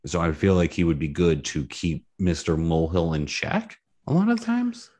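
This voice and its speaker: A man's voice: very animated, normal speed, a little mellow, slightly rough. A man co-hosting a podcast in playful casual chat, his voice jumping up on emphasis. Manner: playful, jumps up in pitch on emphasis. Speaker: podcast co-host.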